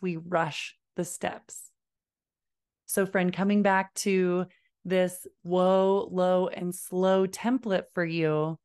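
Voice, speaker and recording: Calm, unhurried woman parenting educator with a lowish voice, deliberate delivery. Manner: calm, deliberate, models slow low phrases. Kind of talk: instructional talk to camera.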